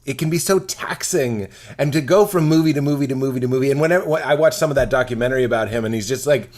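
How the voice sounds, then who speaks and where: A man in his forties, a comedian guest chatting casually on a podcast, animated and jokey, slipping into mocking voices. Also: mid-range voice, quick pace.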